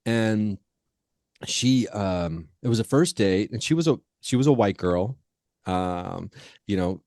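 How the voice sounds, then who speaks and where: A man's voice: lowish voice, animated, slow pace, darkish tone, dry recording, clean studio sound. A man hosting a podcast, chatting casually in a rambling way with lots of fillers and restarts. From Ohio. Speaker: podcast host. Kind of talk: casual interview chat.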